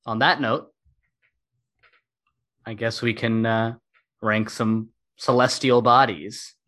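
A man's voice: mid-range voice, fairly even intonation, slow pace, a bit bright. Brief: a talkative male host for a casual podcast, self-mocking and upbeat. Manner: chatty, self-deprecating, laughs often.

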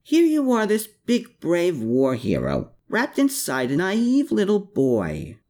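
A woman's voice: lowish voice, wildly swooping pitch, slow, a little mellow, pitched above the performer's own voice, exaggerated voice. A man reading an audiobook voices a spirited young woman who scolds and teases firmly. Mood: firm, teasing. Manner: scolding, exasperated. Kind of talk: audiobook character voice.

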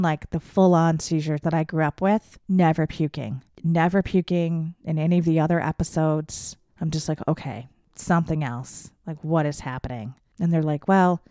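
A woman's voice: deep voice, mellow, dry recording, studio quality. A young adult woman hosting a podcast, telling a personal story candidly, swearing freely and acting out what people said. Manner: candid, swears freely, acts out quoted voices. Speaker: podcast host.

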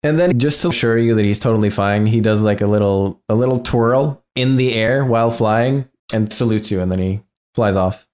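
A man narrating as game master of a tabletop game in a relaxed, easygoing way. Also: lowish voice, moderate pace, hardly any pauses.

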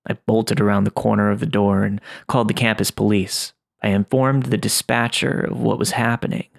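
A man narrating a first-person horror story as host, in a measured read that slows at tense moments. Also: fairly low pitch, gravelly, no echo, studio quality.

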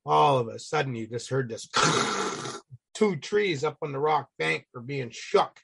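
A middle-aged man telling a casual, salty story as a podcast guest, acting out the people in it with animated voices. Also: medium pitch, measured pace, creaky, husky.

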